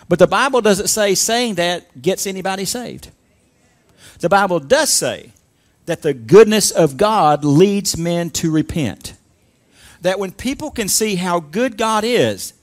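A man preaching a sermon, leading the congregation in call-and-response with emphatic, rising delivery. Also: sits high. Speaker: pastor.

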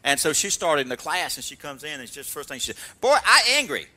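A male pastor preaching a sermon in animated storytelling with call-and-response, often laughing as he tells stories. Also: on the high side, fast talker. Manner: laughs while telling stories.

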